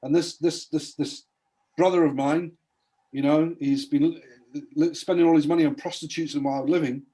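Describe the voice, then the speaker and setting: A man's voice: on the high side, steady tone, moderate pace, mellow, pitched above the performer's own voice, natural voice. A man acting out a resentful, self-righteous older brother who complains indignantly.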